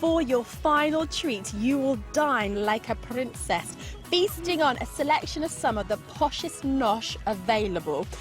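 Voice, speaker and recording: A woman's voice: sits high, animated, a little slow. A woman co-presenting a children's game show, bubbly and laughing often between lines. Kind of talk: lively TV presenting. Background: music.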